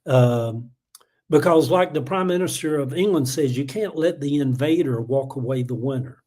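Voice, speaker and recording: He's a middle-aged man from Atlanta, USA, with a Southern accent, ranting heatedly about politics on a casual livestream he hosts, rambling with lots of fillers and chuckles. His mid-range voice has a dark tone and a moderate pace.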